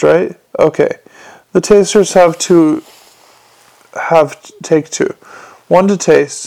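A man voicing a gruff, weary police commander with a growling, clipped and forceful way of talking. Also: a little high. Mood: brisk.

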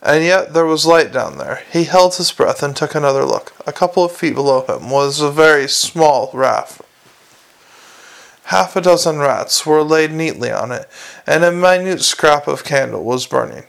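A man narrating a comic fantasy story aloud in a dry, wry manner. His voice is gravelly with plenty of fry, pitched somewhat high for a man. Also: animated, normal speed, fairly bright tone. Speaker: audiobook narrator.

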